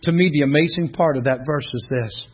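A middle-aged man, a pastor teaching a class in a church room, telling stories in an animated way and often laughing. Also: fairly high pitch, a little fast, husky. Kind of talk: preaching to a class. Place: church classroom, streamed online.

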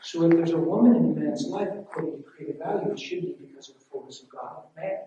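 A man preaching and telling his own testimony, emotional and storytelling, swinging between loud and hushed. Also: fairly high pitch, fast talker, highs cut off. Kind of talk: sermon. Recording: echoey hall from far off with faint noise.

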